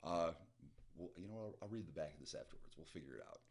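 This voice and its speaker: A Midwestern man with a lowish voice who reads passages from a novel aloud. Between passages he breaks off into chatty, eager commentary and often interrupts himself. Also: lively intonation, quick pace. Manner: chatty, enthusiastic, self-interrupting. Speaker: book reaction host. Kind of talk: reading aloud and reacting to a novel.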